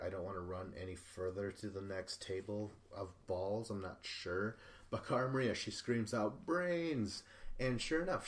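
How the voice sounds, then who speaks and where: A young man hosting a podcast alone, recapping an episode in a rambling, profane way with self-mocking asides. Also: on the low side. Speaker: podcast host.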